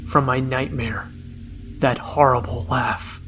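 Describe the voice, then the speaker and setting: A man reads a horror story aloud in a grim, measured way. He draws out his pauses, and his voice sits at an ordinary middle pitch. Soft music plays faintly underneath. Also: fairly even intonation. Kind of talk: dramatic scripted horror narration.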